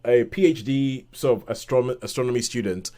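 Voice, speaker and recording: A man co-hosting a podcast, reviewing a film in casual chat and retelling scenes with lively quoted voices. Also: mid-range voice, normal speed. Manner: animated retelling with acted-out quotes and laughs.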